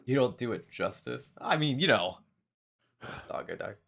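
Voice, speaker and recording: A man's voice: mid-range voice, expressive, normal speed, creaky, fairly bright tone, slightly rough. A man streaming games live, chatting casually with friends and viewers, swearing freely and laughing often. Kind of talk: casual gaming chat.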